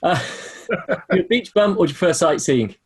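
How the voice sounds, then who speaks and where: A man's voice: high voice, sing-song, normal speed, a little mellow, breathy edge. A man from the UK hosting an interview, asking friendly, teasing questions. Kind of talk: casual interview.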